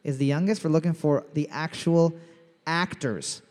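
A man hosting a live trivia night in a brewery, loud and jokey, swearing freely and reading each question twice. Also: fairly high pitch, fairly even intonation, moderate pace. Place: large brewery room with live crowd. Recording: long echo in a big room.

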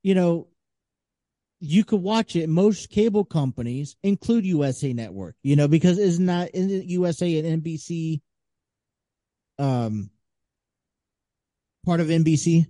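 A man guest-hosting a podcast, feeling his way through his points with halting restarts. His voice is very dark and mellow yet pitched a touch high. The sound is dry and close. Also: animated, no room sound. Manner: hesitant, searching for words. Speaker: guest co-host. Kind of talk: casual chat.

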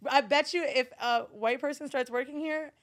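A woman's voice: sits high, moderate pace. A woman from Florida, a podcast guest and studio owner, telling stories in casual conversation with blunt, profane humor and acted-out quotes. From Florida, USA.

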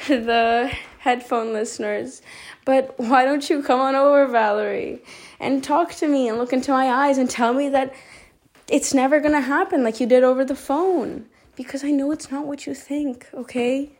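A woman's voice: high voice, steady tone, moderate pace, darkish tone. A woman recording a rambling, heartfelt voice memo, upset and talking straight to the listener, correcting herself as she goes. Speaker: voice memo host. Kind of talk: personal confessional monologue.

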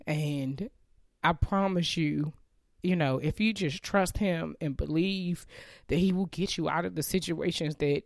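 A woman's voice: low voice, a little slow, gravelly, darkish tone, no echo. Woman host, casual heartfelt faith talk, close dry sound, teary and candid. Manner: candid, emotional, chatty with many fillers. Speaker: podcast host.

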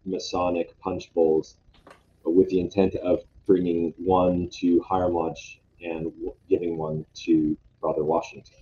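A man's voice: deep voice, mellow. A man presenting lodge history in a casual talk, hesitant and full of fillers and restarts. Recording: dull lo-fi sound, faint noise.

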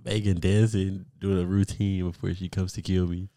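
Deep-voiced young man joking around. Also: little pitch movement, normal speed, gravelly, dark tone, dry recording, clean studio sound. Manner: joking, teasing, crude banter. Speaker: podcast host. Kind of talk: casual chat.

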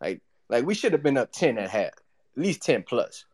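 A man's voice: mid-range voice, very animated, moderate pace, darkish tone. Rambling caller guy, voice jumps around a lot. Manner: rambling, repeats "you know what I'm saying". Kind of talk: casual fan talk.

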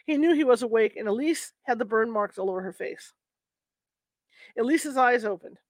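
Her voice is a little high with lively intonation as she reads a book aloud at a moderate pace. The delivery is casual and unpolished, broken by self-corrections and apologies, and there's no room sound.

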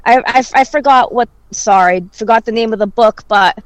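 A woman's voice: on the high side, normal speed, dry recording, lo-fi sound. A woman talking candidly in casual chat, reflective and swearing freely.

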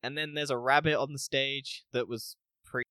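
Bright, animated podcast guy. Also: mid-range voice, moderate pace, smooth, dry recording. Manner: animated, acts out scenes, laughs often, swears. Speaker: podcast co-host. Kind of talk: casual spoiler review chat.

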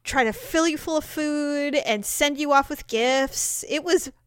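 A woman's voice: high-pitched, a little slow, no echo. A woman telling family stories in casual chat, acting out the voices of the people in them. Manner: animated, acts out voices of family members while telling stories.

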